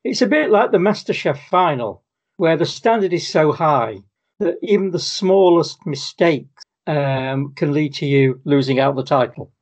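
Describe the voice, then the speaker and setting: A man's voice: on the high side, expressive, a little slow. A man co-hosting a podcast, chatting casually about football with frequent restarts. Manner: hesitant, restarts often. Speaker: podcast co-host.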